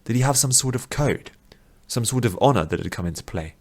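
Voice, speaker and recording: A man narrating a fantasy audiobook in a steady, measured reading. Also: medium pitch, slightly rough.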